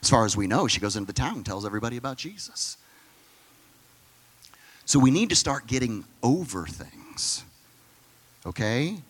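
Man preaching a lively conversational sermon. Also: mid-range voice, moderate pace, pauses often, husky, in a large hall. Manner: conversational, acts out dialogue in different voices. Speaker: pastor.

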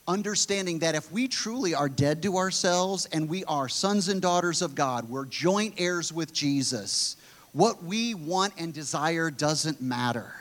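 Earnest man preaching casually. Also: fairly high pitch. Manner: earnest, with frequent restarts. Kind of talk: conversational sermon.

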